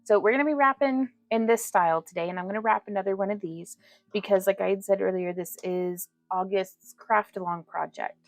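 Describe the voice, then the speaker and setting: Chatty woman with a gravelly edge. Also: mid-range voice, brisk, dry recording, soft background music. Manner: chatty, laughs often, coos baby talk at her cat. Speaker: jewelry maker hosting a livestream. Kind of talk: casual crafting livestream chat. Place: small home craft room.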